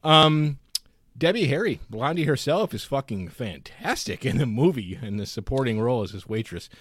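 Man, podcast co-host, lively pitch, casual, profane, dry mic. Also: normal speed, no echo. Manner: loose, swears a lot, lively. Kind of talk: casual movie chat.

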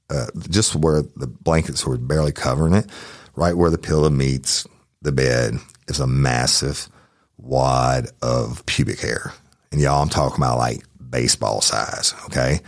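A man hosting a true crime podcast, telling a personal story in a profane, animated way. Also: low-pitched, no room sound, clean studio sound. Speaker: podcast host.

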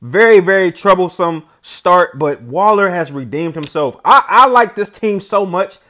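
A young man doing casual gameplay commentary as a channel host, excitable and quick to laugh, dropping into quieter reflective talk between bursts. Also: high voice. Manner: excitable, shouts and laughs at big plays, then settles into quiet reflective talk.

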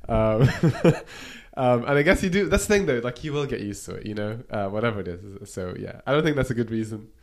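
A man's voice: mid-range voice, animated, fairly quick. A man in casual podcast chat, rambling with lots of "like" and casual swearing. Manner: casual, fills with "like", swears freely. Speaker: podcast guest.

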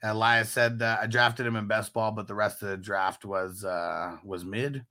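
A man co-hosting a casual fantasy football chat, reading viewer comments aloud, laughing often and getting excitable. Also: on the low side, moderate pace.

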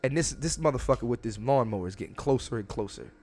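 Man, podcast host, casual solo rant, profane and blunt, repeats himself, pitch jumps around a lot. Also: lively intonation, fast talker, a little mellow. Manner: profane, blunt, talks straight to the listeners; repeats words and restarts often. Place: home room near a window.

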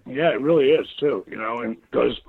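Gravelly-voiced man on a tinny phone line. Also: medium pitch, normal speed, no echo. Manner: rambling, animated storytelling with frequent laughs. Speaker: interview guest, former wrestler. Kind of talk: casual interview chat.

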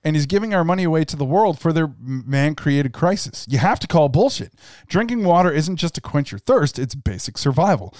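A man's voice: a little high, animated, a little fast, a little mellow, no room sound. Rambling, opinionated podcast man. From Canada. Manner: rambling, opinionated, dry joking. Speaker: podcast co-host. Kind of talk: casual podcast chat.

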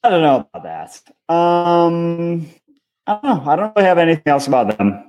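A young man co-hosting a casual podcast in a laid-back, dry way. His voice sits a little high, and his pitch moves a lot. He tells stories slowly and calmly, with low energy. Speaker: podcast co-host. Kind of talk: casual chat.

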